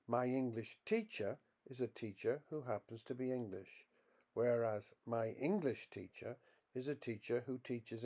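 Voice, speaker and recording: A male narrator delivers a scripted pronunciation lesson at an unhurried, measured pace. His pitch sits in a middle range, and he sets each example word apart with deliberate, clear stress. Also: a little mellow. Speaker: English pronunciation teacher.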